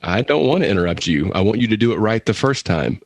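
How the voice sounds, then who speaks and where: A man with a low but very animated voice co-hosts a comedy news podcast. He scolds his co-hosts with playful, mock-serious indignation. The sound is close and dry. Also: quick pace, no room sound. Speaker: podcast co-host.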